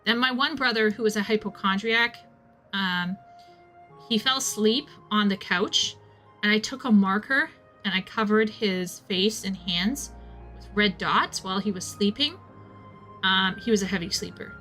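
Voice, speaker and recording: A young woman with a bright, forceful voice tells a rambling story between thoughts on a game, often stopping short and restarting her sentences. Faint music plays softly behind her as she talks. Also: medium pitch, measured pace. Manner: rambling, self-interrupting, animated storyteller. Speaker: streamer playing a game. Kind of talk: casual storytelling chat.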